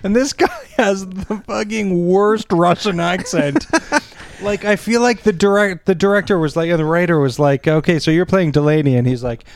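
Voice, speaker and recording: A man's voice: high voice, normal speed, no room sound. A man co-hosting a casual movie review chat, laughing often, swearing and acting out quotes. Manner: laughing, profane, acts out quotes. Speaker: podcast co-host.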